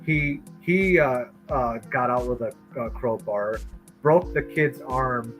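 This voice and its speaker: A man's voice: medium pitch, takes it slowly, poor audio. Storytelling man from Michigan, music behind. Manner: animated, acts out quoted voices. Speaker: streamer and comic artist. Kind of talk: casual storytelling on a live stream.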